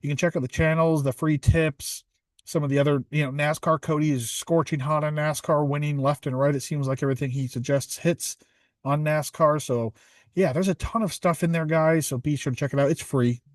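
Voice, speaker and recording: A man's voice: on the high side, fairly even intonation, brisk, no echo. Guy cohosting a golf podcast, rambly and upbeat, dry close mic. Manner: rambling, upbeat, many fillers. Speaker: podcast co-host. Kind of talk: casual podcast chat.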